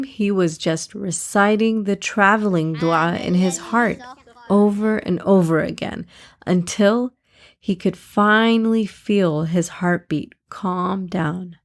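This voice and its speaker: A woman narrating a children's story with gentle, measured reading. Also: fairly low pitch.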